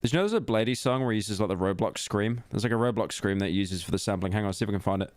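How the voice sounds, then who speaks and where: A man's voice: fairly low pitch, rapid-fire, music in the background. A man streaming casually, reacting to a video with blunt, crude, rambling remarks.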